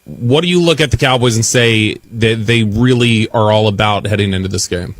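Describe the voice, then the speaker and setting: A man co-hosting a sports radio show, asking steady, direct questions. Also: on the low side, normal speed, no room sound. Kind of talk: casual radio interview.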